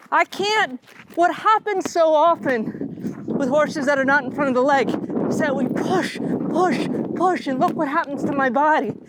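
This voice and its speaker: A middle-aged woman with a high voice teaches while riding in an outdoor arena. She coaches in a calm, steady way and speaks to her horse between explanations. There is clear noise around her, with hooves and open-air sounds. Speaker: riding instructor. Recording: noisy outdoor recording.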